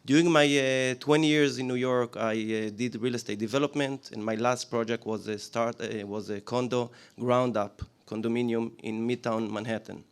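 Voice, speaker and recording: A man in his forties with an Israeli accent gives a business pitch to a live audience, plain-spoken, questioning the room with frequent fillers. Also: fairly even intonation, moderate pace, few pauses, clean tone. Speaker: business presenter.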